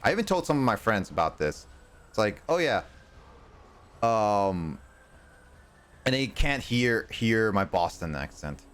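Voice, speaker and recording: Smooth low-voiced man with a rounded R. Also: sing-song, a little slow, pauses often, a bit bright. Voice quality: R sounds bend toward L. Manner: rambling, full of fillers and restarts. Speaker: streamer. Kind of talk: casual chat while gaming.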